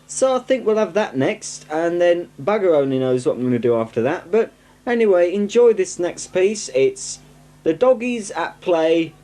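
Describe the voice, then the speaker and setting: In a 1990s home video shot indoors with a tripod-mounted camcorder mic, a young northern English man cheerfully rambles about his collection. His voice is high, warm and very animated at a moderate pace, and he keeps mocking himself and drifting into asides.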